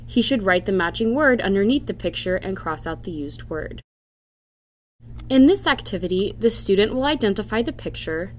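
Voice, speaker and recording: A woman's voice: medium pitch, a little hiss or hum. A woman giving scripted instructional narration for a reading program, carefully sounding out example words. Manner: slow, careful demonstration of word sounds.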